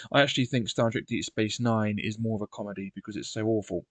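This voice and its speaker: A man's voice: fairly low pitch, fairly quick, dry recording. A man reading a gamebook aloud and chatting with wry asides and frequent ums. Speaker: let's play host.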